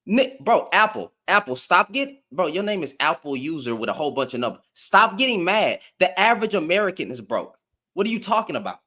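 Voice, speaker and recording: High-voiced man ranting at his live chat. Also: a little fast. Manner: animated, confrontational, repeats lines for emphasis; addresses commenters directly, slangy. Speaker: live stream host.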